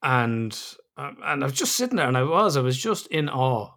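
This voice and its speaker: A middle-aged man chatting on his podcast, open and reflective, with swearing dropped in freely. His voice has a gravelly, creaky edge at a medium pitch. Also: big pitch swings, moderate pace, fairly bright tone. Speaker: podcast host. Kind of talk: casual podcast chat.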